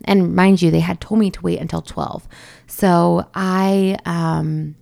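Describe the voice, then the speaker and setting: A woman's voice: lowish voice, steady tone, slow, vocal fry, mellow. A young woman telling the story of her labor in a chatty, casual way, full of fillers, asides and laughs. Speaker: new mother telling her birth story.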